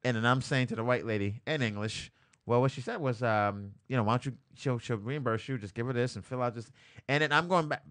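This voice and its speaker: A man's voice: medium pitch, brisk. A man telling funny stories on a casual podcast, acting out quotes and laughing often. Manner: animated storyteller, laughs often, acts out quotes. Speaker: comedian guest. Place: studio, live-streamed.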